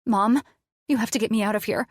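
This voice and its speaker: A woman voicing a panicked, confused young woman patient in an audiobook, pleading in a shrill, frantic way. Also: a little fast, no echo, studio quality, natural voice. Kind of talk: audiobook character voice.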